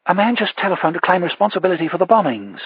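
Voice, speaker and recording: A man voicing a composed woman news producer, brisk and matter-of-fact. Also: sits high, big pitch swings, slightly rough, no echo, pitched above the performer's own voice, exaggerated voice. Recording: dull lo-fi audiobook recording.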